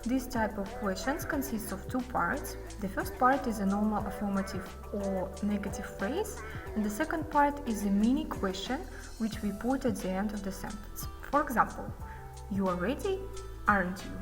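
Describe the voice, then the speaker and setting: Woman teaching, reverberant room, music behind. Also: mid-range voice. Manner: explains slowly, reads example sentences with exaggerated rising and falling tunes. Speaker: English phonetics teacher. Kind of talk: classroom lesson.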